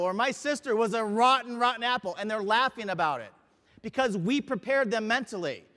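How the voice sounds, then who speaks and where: A man's voice: extremely high pitch, fairly bright tone, in a large hall. A man giving a motivational sales training talk, emphatic and often asking his audience questions.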